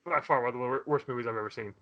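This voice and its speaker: A man hosting a podcast in casual chat, telling a story in an animated way. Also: mid-range voice, racing, lo-fi sound. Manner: animated, swears and laughs while retelling. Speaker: podcast host.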